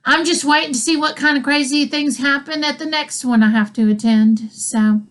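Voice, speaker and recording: Telling a comic story at normal speed, a female comedian rambles and cuts herself off with asides, chuckling between lines. Her voice sits high with a fairly bright tone.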